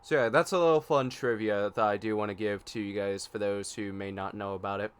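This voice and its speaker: Smooth-voiced man chatting on a podcast. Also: on the low side, fairly even intonation, a little fast. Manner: enthusiastic, makes predictions, frustrated by tech issues. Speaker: podcast co-host. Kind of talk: casual podcast chat.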